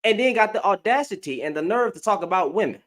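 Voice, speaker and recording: A man's voice: sits high, expressive, fast talker, fairly bright tone. A young man ranting through a reaction commentary at home into his webcam, repeating himself in disbelief. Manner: ranting, repeats phrases, incredulous. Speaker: commentary vlogger. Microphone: computer webcam.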